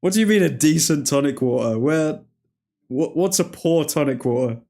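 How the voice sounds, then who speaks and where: A man's voice: a little high, animated, normal speed, creaky, a little mellow. A man with an English accent casually hosting a football watchalong, chatting and reacting to viewer comments. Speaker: livestream host.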